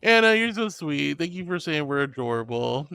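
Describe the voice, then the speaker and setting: A man's voice: a little high, big pitch swings, normal speed, vocal fry, pushed and bright, clear, resonant tone, no room sound. A man streaming as a VTuber, reading chat aloud and greeting viewers in an affectionate, bubbly way, calling them sweetie and honey.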